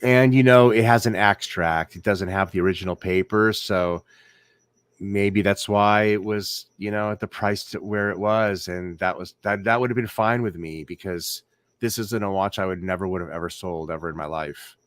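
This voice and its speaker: A man's voice: low voice, fairly even intonation, normal speed, no room sound. A man hosting a casual late-night livestream, rambling, repeating words and asking viewers whether they agree. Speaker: livestream host. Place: indoors at home, night.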